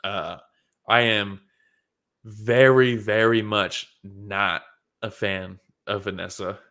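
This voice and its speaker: A man's voice: fairly low pitch, steady tone, slow, pushed and bright. A man co-hosting a casual chat show, blunt and openly salty, swearing freely. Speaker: podcast co-host.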